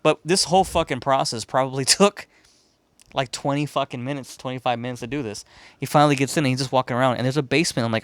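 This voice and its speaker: A man's voice: medium pitch, fast, fairly bright tone, dry recording. A man from Chicago hosting a podcast, telling a story casually and profanely, rambling and laughing as he goes. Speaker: podcast host.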